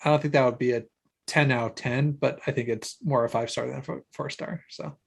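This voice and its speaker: A man's voice: medium pitch, steady tone, a little fast, vocal fry, slightly rough. A man co-hosting a book podcast, hedging his opinions in casual chat. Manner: hesitant, qualifies his opinions. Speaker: podcast co-host.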